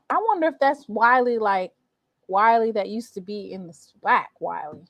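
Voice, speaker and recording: A woman's voice: medium pitch, lively intonation, moderate pace, a bit bright, no room sound. A woman hosting a casual sports recap stream, talking to viewers as y'all and reacting to scores with exasperation. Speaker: sports show host.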